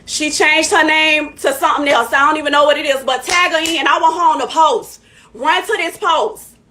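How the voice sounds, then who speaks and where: A woman's voice: high-pitched, fairly even intonation, moderate pace, bright, forceful tone, slight background noise. A woman hosting a live stream in casual chat, heated and emphatic, repeating her points. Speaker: livestream host.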